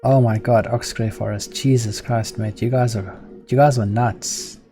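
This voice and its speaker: South african guy live coding, slow mumbly commands, swears a lot, music and typing behind. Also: mid-range voice, steady tone, mellow. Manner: mutters commands aloud while he types, chats with viewers, swears freely. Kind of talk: casual live-stream chat while coding. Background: background music and keyboard typing.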